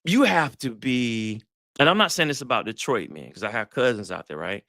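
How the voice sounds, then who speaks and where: Guy hosting a live dating talk, slangy storyteller, crisp dry audio. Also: medium pitch, normal speed, no echo. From Atlanta, US South. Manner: animated storyteller, acts out quotes, slangy. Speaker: psychologist hosting a live session.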